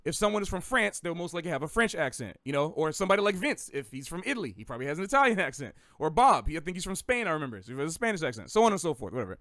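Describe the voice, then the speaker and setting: A man's voice: a little high, sing-song, very fast, hardly any pauses, fairly bright tone, dry recording, studio quality. A man from the American South with a faint Southern accent, teaching jazz in a rambling, self-correcting, chatty way. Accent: slight Southern American. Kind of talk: casual livestream lesson.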